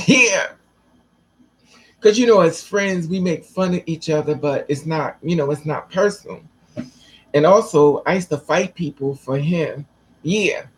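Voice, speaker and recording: A woman telling a personal story to camera in a blunt, profane, animated way. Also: low voice, moderate pace, slightly rough, low-quality recording. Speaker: vlogger.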